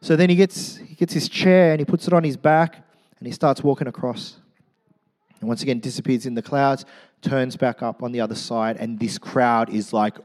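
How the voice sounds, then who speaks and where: A man preaching a sermon, telling a story with lively, acted-out crowd voices and casual asides. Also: medium pitch, a little fast. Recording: long hall reverb.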